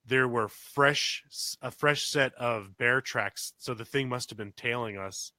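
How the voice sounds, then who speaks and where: A man's voice: mid-range voice, unhurried, bright, forceful tone, no room sound. A man co-hosting a podcast, telling a story casually and acting out quotes with big jumps in his voice. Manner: swears casually, many restarts. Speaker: podcast co-host.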